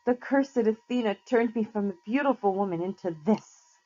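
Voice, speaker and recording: A woman reads aloud with a medium-pitched, mellow voice and lively intonation, pushing it up to voice an old female gorgon in a lightly acted way. The gorgon sweet-talks, honeyed, coaxing, slow and sugary, with a soothing mood but menace beneath. The lo-fi recording sounds slightly muffled.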